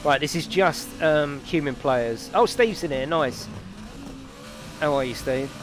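A man's voice: on the high side, measured pace, a little hiss or hum. A man streaming a racing game, chatting and joking with viewers and swearing freely over game music. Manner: banters with chat, swears freely. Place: home gaming setup.

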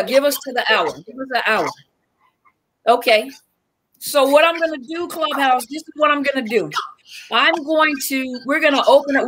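A woman's voice: high-pitched, fairly bright tone, a little hiss or hum. A woman with a Southern US accent hosting a casual livestream, greeting viewers by name with lots of fillers. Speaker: livestream host and coach.

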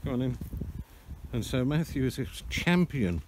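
A man's voice: medium pitch, sing-song, normal speed. An older man chatting casually while filming outdoors, out of breath as he walks down to a beach. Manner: chatty, rambling commentary while walking. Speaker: vlogger. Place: outdoors by the coast. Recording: outdoor camera with wind noise.

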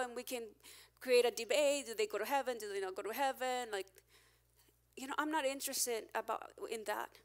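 A high-voiced woman pastor preaches a candid, emphatic sermon. Her volume rises and falls as she drives home her points.

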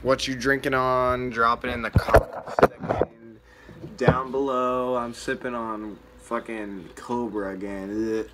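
A man's voice: medium pitch, level tone, unhurried, very noisy. A young man vlogging and telling a rambling, profane, laid-back story full of fillers.

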